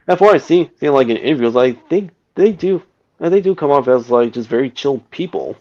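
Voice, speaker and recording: A man in casual chat, talking haltingly and repeating himself with many fillers. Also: mid-range voice, expressive, muffled recording.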